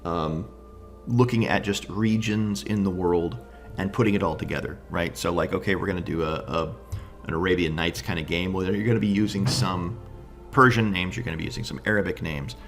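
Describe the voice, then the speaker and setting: A man's voice: sits low, fairly even intonation, brisk, creaky, fairly bright tone, soft background music. A man casually reviewing tabletop game books, enthusiastic and thinking aloud, often asking "right?".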